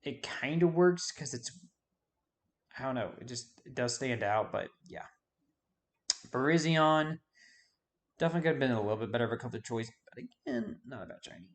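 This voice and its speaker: A man's voice: mid-range voice, animated, moderate pace, long pauses. A man giving casual video game commentary, rambling and forgetting names with self-deprecating asides. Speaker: YouTube host.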